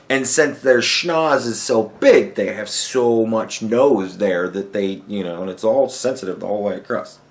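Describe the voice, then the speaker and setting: A man's voice: mid-range voice, fairly bright tone. A man hosting a casual solo podcast, rambling along with lots of swearing and laughing asides. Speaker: podcast host.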